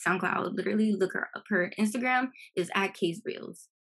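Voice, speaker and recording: A woman's voice: mid-range voice, moderate pace, vocal fry, fairly bright tone, husky. A woman guest on a podcast, telling a personal story in a chatty way and filling her talk with "like". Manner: chatty storytelling, says "like" a lot. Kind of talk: casual chat.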